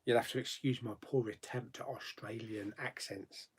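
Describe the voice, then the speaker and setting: A man's voice: medium pitch, fairly even intonation, normal speed, breathy edge. A man hosting a casual live chat, reading viewer comments aloud and answering them with frequent laughs. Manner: chatty, laughs often, reads comments aloud then answers. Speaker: YouTube host.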